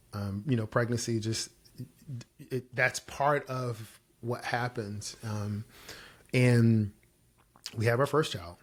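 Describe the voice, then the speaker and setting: Animated storytelling man. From Virginia, US. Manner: animated storyteller, jumps high when quoting himself. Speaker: guest. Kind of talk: storytelling interview answers.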